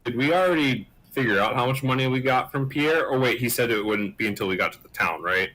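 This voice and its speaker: A man's voice: medium pitch, expressive, quick pace, pushed and bright, slight background noise. A man playing in a tabletop game, chatting casually and checking details with the group.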